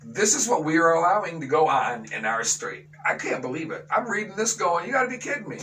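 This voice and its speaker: A high-pitched man with a bright, sharp tone hosts a talk radio show, venting outrage in a sarcastic rant. He sounds a little distant from the microphone. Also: very animated, brisk, slight background noise. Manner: outraged, sarcastic ranting with mocking voices. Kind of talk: opinion talk radio monologue.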